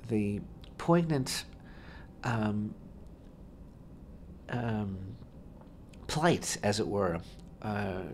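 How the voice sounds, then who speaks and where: A man's voice: fairly low pitch, animated, drawn-out words, long pauses, a little mellow, a little hiss or hum. A man co-hosting a Torah discussion on talk radio, speaking expansively and emphatically and often repeating his phrases. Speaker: rabbi co-host.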